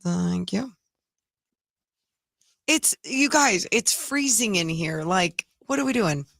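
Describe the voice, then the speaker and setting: A woman's voice: medium pitch, animated, slow pace, vocal fry, a bit bright, dry recording. A young woman co-hosting a sports radio show, giggly and teasing in casual chat from a studio mic. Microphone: studio microphone.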